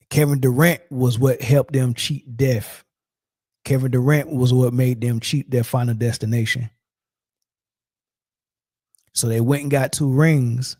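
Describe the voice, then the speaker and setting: A man's voice: mid-range voice, warm tone, no echo, studio quality. A man in his forties hosting a sports show, talking loose and slangy in a rambling, storytelling way. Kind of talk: casual sports talk.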